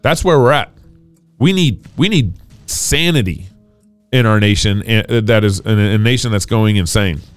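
A man's voice: lowish voice, lively intonation, moderate pace, clean tone, dry recording, faint music behind. A man co-hosting a talk show, giving earnest, preachy commentary and quoting scripture. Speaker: podcast co-host. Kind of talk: opinionated commentary.

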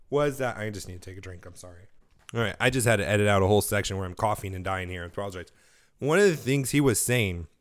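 A man's voice: on the low side, dry recording. A man hosting a solo podcast, talking casually and thinking aloud while getting over a cold, with a dry throat. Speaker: podcast host.

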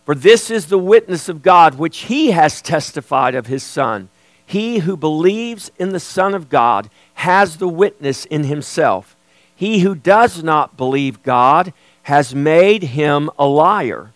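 A man's voice: fairly high pitch, expressive, slow pace, no room sound. A man preaching an expository sermon as pastor, earnest and emphatic.

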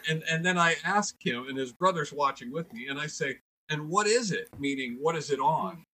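Older male comedian, husky voice, lively jokey chat. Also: on the high side, normal speed, rough recording. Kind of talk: casual chat.

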